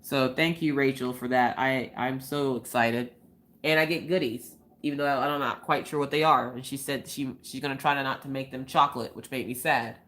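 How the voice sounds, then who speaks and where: A chatty young woman hosting a casual craft live stream, her voice sitting low for a woman. She giggles a lot and bounces into quoted voices while she tells her stories. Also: fairly even intonation, moderate pace, a bit bright. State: recovering from a cold. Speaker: livestream host.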